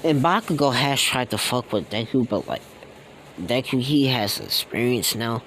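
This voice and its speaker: A man's voice: mid-range voice, expressive, moderate pace, fairly bright tone, a little hiss or hum, low-quality recording. A man telling a fan-made story off the cuff, rambling and slangy, with many fillers and restarts. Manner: slangy and casual.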